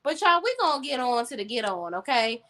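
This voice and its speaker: A woman's voice: a little high, sing-song, fairly quick, sharp tone. A woman co-hosting a casual gossip chat, emphatic and sassy, tossing in "okay?" and "honey" often. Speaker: podcast co-host.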